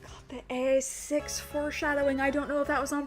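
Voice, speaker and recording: Woman streamer rambling about a game she loves, lots of ums, a bit high, quiet music under. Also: level tone, fairly quick, few pauses. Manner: gushing, emotional fan with lots of ums. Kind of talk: casual game commentary and reading dialogue aloud.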